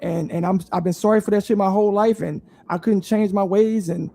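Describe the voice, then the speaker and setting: A man's voice: sits high, gravelly. A man on a live online panel telling a long, profane story and acting out the other voices in it. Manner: animated, profane, fast storytelling that acts out quoted voices.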